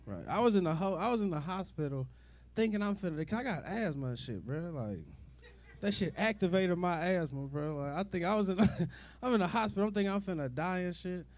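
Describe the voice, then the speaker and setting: A man's voice: high voice, a little fast, slight background noise. Rambling young man doing stand-up. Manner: rambling, animated, profane, lots of filler. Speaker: stand-up comedian. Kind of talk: stand-up comedy set.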